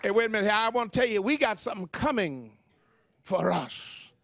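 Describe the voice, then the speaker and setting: Older man, preacher, very high voice, swooping pitch, shouted sermon. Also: animated, normal speed, vocal fry, crowd noise, background noise. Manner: impassioned shouted preaching with stammered repetitions. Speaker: pastor.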